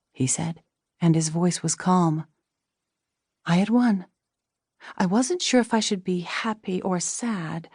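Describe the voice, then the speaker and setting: Mellow-voiced woman narrating an audiobook. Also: mid-range voice, husky, no room sound, studio quality. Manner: measured storytelling. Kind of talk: first-person scripted narration.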